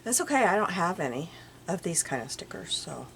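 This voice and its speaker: Chatty low-voiced older woman, lively. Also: fairly quick, gravelly. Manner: chatty, musing aloud, drifting into soft murmurs. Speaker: crafting vlogger. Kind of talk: casual show-and-tell chat. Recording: audible background noise.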